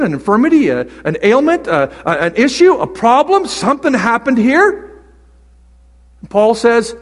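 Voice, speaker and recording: A man preaching a sermon as pastor, swinging from loud exclamations to hushed whispers. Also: high voice, long reverb tail.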